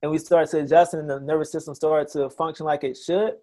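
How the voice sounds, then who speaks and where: Eager chiropractor, a man with a slightly high voice. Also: fairly even intonation, mellow. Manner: enthusiastic, talks in quick bursts with many restarts. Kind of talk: casual interview.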